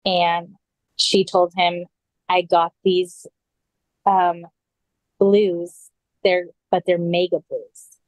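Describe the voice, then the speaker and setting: Low-voiced woman telling her story. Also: level tone, extremely slow, long pauses, a little mellow, dry recording, low-quality recording. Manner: casual, full of "like" and quoted dialogue. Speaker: podcast guest. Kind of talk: recounting a personal story in conversation.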